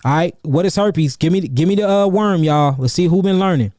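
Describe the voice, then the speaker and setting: Animated man hosting a live Q&A. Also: high voice, fairly quick, dry recording, clean studio sound. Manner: animated, calls out chat names and repeats himself for emphasis. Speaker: herbalist host answering viewer questions. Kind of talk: livestream Q&A, casual and preachy.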